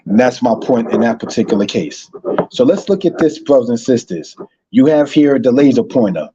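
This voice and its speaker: A man's voice: mid-range voice, lively intonation, normal speed, mellow, breathy edge, highs cut off. A man teaching an online Hebrew lesson, repeating phrases and addressing listeners as brothers and sisters.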